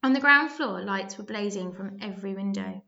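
A woman narrating a children's story aloud, lively and expressive, with small slips. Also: medium pitch, moderate pace, vocal fry, lo-fi sound.

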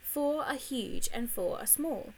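Woman doing a bossy know-it-all little girl, smug and teasing, higher and brighter than her narrating voice, storybook read-aloud. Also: slow pace, gravelly, a little hiss or hum, full character voice. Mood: lecturing. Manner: lively, teasing, lecturing. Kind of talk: audiobook character reading.

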